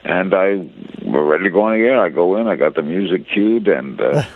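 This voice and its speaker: Very deep older man on a phone line. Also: expressive. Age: 80s. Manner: unhurried anecdotal storyteller with frequent uh fillers. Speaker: interview guest, veteran broadcaster. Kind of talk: storytelling reminiscence. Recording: tinny phone-line audio.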